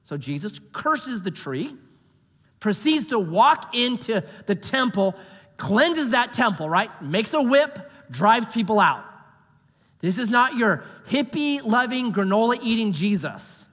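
A male pastor preaching a sermon, telling stories in an animated, jokey way. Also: sits high, slow. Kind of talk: sermon with storytelling. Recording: long hall reverb.

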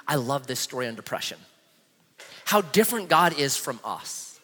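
A man in his thirties preaching a sermon, telling a Bible story in an animated way and acting out the quotes. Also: mid-range voice, moderate pace. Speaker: pastor. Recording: long hall reverb.

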